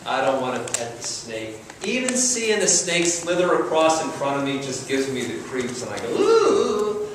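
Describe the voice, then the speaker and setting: A man's voice: mid-range voice, expressive, normal speed, few pauses, background noise. A man preaching a sermon as pastor, conversational, with repetition and emphasis. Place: church sanctuary. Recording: roomy church sound from a distant mic.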